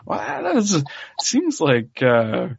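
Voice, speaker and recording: Animated Scottish man on a podcast. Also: takes it slowly, gravelly, breathy edge, muffled recording. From Scotland. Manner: animated, incredulous, jumps up in pitch when making a point. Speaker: podcast co-host. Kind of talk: casual film discussion.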